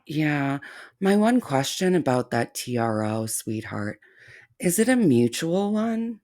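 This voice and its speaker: A man hosting a reaction commentary, speaking in a sarcastic, mocking way with deliberate, drawn-out phrasing. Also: on the high side, very animated, darkish tone. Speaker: commentary channel host.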